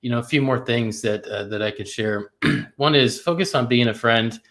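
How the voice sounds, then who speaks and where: A man co-hosting a casual livestream with his wife, playful and quick to laugh, with casual swearing. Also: mid-range voice, a bit bright. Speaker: co-host. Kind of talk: casual couple's livestream talk.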